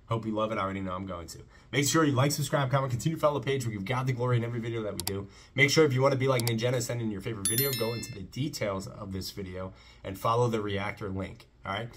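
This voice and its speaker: A man's voice: on the low side, rapid-fire, a little hiss or hum. A man hosting a casual faith-based music reaction, talking with enthusiasm and breaking into short preaching asides. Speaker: reaction channel host.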